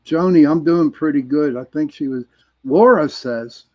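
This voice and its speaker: A man's voice: fairly high pitch, moderate pace, muffled recording. A man hosting a talk show, reacting casually and reading out listener comments. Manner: easygoing, short reactions. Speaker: radio show host.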